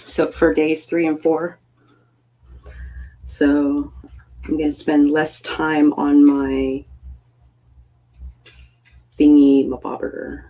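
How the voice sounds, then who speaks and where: A woman hosts a live stream in an easygoing, rambling way, playful and quick to poke fun at herself. Her voice is warm and mellow, with a slightly husky edge. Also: low-pitched, level tone, poor audio. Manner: rambling, playful, self-deprecating. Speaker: livestream host. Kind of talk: casual live-stream chat.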